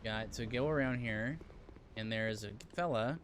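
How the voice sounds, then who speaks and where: A man's voice: on the low side, a little slow, fairly bright tone, a little hiss or hum. A man streaming a video game live, chatting casually and answering viewers' messages as he plays. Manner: chatty, reads and answers viewer chat, frequent fillers. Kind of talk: casual live-stream chat while playing.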